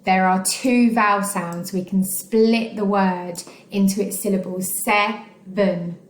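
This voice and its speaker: A woman's voice: medium pitch, steady tone, a little slow. An English woman teaching a recorded phonics lesson to children, patient and encouraging, with many ums and okays. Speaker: primary school teacher. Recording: echoey room.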